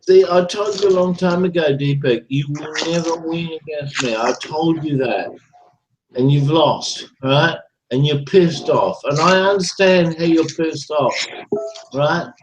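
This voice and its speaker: A man's voice: on the high side, unhurried, background noise. A man ranting in an online voice chat room, taunting a rival with repetitive profane gloating over a computer microphone. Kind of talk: angry taunting rant.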